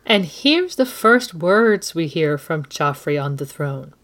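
A woman's voice: low voice, sing-song, slow, few pauses, a bit bright. A woman co-hosting a book discussion podcast, narrating expressively and reading quotes aloud. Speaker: co-host.

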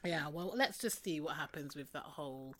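A woman's voice: low-pitched, normal speed, fairly bright tone. A woman co-hosting a casual chat, gossiping and joking. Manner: gossipy, breaks into mock voices. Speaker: podcast co-host.

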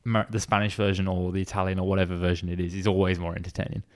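A man's voice: low voice, flat delivery. Young man with a light Birmingham accent. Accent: light Birmingham English. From Birmingham, England. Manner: chatty, self-deprecating, halting restarts. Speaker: podcast co-host. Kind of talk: casual chat.

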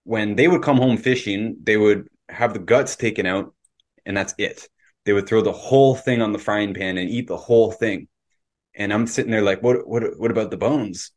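A man's voice: lowish voice, normal speed. A man from Canada hosting a casual podcast discussion, opinionated and lecturing in tone. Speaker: podcast host.

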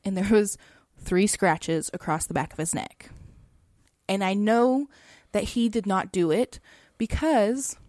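Woman, podcast co-host, casual storytelling, chatty, mid pitch, dry close sound. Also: unhurried, no room sound. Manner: chatty, frequent "like" and soft laughs.

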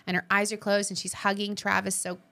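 A woman co-hosting a casual chat show, gushing and animated, who slips into bubbly voices when quoting people. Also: mid-range voice, brisk, vocal fry. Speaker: co-host.

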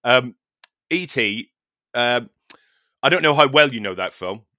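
A man's voice: mid-range voice, lively intonation, unhurried, bright, forceful tone, no echo, studio quality. A man from Ireland, hosting a podcast in casual, sweary, self-mocking chat. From Northern Ireland. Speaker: podcast host.

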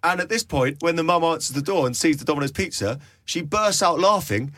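A man who is a radio presenter, a guest in a studio, telling anecdotes in a lively, casual way. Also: on the high side, brisk, no room sound. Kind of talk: casual chat.

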